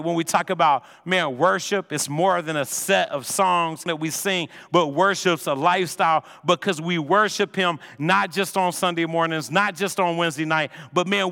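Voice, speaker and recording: Energetic male preacher, high bright voice, casual delivery in a reverberant sanctuary. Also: gravelly. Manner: energetic, conversational preaching, says "man" constantly. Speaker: pastor. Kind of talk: sermon. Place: church sanctuary. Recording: long hall reverb.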